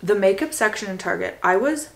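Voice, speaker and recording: A young Canadian woman in her twenties, chatting excitedly to her viewers as she shows off her shopping haul. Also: mid-range voice, fairly quick, vocal fry. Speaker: vlogger. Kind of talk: casual haul vlog.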